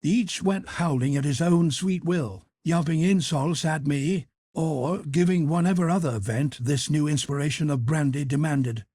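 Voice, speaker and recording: A man narrating an audiobook in a measured, even storytelling manner. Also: on the high side, slightly rough, no echo, clean studio sound. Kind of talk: scripted narration.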